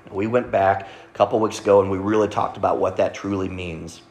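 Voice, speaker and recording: In an echoey church sanctuary, a pastor preaches a sermon conversationally, checking in with the congregation through frequent "right?" asides. His voice is deep and a little mellow, with fairly even intonation, and he talks fairly quickly with few pauses.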